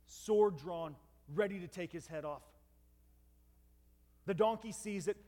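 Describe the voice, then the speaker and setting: A man's voice: high voice, slow pace, dark tone. A man preaching a storytelling sermon, retelling a scripture story dramatically with asides to his listeners. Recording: long hall reverb.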